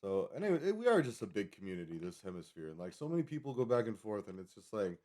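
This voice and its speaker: A man's voice: on the low side, sing-song, fast, a little mellow. A man livestreaming, rambling casually as he reads a web page aloud and stumbles over foreign names. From Colorado. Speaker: livestream host.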